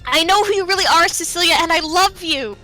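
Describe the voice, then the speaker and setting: A woman's voice: extremely high pitch, a little fast, bright, forceful tone, soft background music, pitched above the performer's own voice. A woman voicing an earnest young male hero in a video game, pleading heartfelt lines of love. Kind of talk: casual game commentary.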